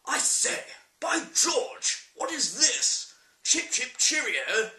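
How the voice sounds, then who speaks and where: A man's voice: extremely high pitch, very animated, slow, pushed and bright, roomy sound, pitched above the performer's own voice, exaggerated voice. A man with an English accent voicing a pompous, posh upper-class Englishman caricature in a plummy, exaggerated way.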